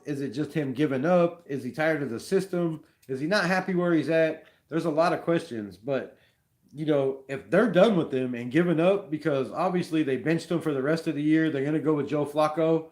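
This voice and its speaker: Slangy animated man hosting sports talk. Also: on the high side, moderate pace. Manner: rambling, animated, says "bro" a lot. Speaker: fan show host. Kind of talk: casual live sports talk.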